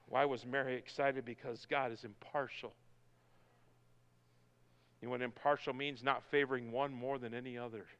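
A male pastor preaching a sermon, building from quiet talk to shouted, soaring lines. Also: mid-range voice, little pitch movement, normal speed, long pauses, smooth, dull audio.

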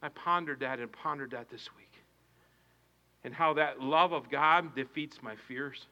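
A male pastor preaching a sermon with passion, swinging from hushed to shouting and repeating his phrases. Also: on the high side, unhurried, muffled recording.

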